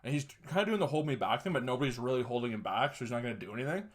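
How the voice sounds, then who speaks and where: A man's voice: medium pitch, racing. A young man hosting a podcast, telling a story in a casual way, crude and profane, chuckling often. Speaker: podcast host.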